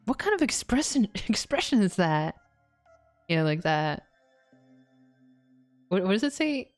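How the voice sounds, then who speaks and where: A woman's voice: medium pitch, sing-song, unhurried, faint music behind. A woman streamer giving playful, giggly gameplay commentary and reading game dialogue aloud. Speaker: VTuber streamer.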